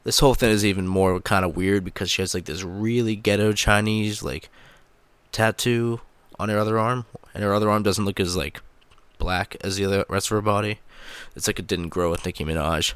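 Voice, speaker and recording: A young man with a deep, low voice rambles through crude, sarcastic commentary on his own show, full of filler words. The sound is dry and close, with no room echo. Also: fairly even intonation, brisk, fairly bright tone, clear, resonant tone. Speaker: podcast host. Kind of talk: casual solo commentary.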